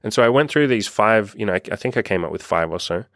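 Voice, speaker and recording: A man talking as a life coach, telling a story in an animated way and swearing casually. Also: on the low side, fast, no room sound, clean studio sound. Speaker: life coach and podcast host. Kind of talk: casual motivational monologue.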